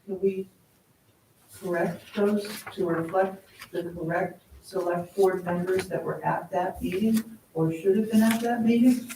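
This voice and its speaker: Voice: medium pitch, steady tone, a little slow. A speaker at a town board meeting who raises procedural questions about the minutes politely and carefully. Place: town hall meeting room. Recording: distant roomy mic with noise.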